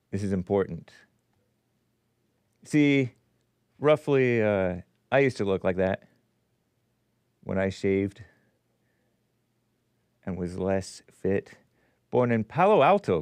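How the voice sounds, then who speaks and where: A man hosts a streamed commentary show, needling his targets with sarcastic, mocking remarks. His voice is smooth and resonant. The sound is dry and close to the mic. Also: lowish voice, a little mellow, no room sound. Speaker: host.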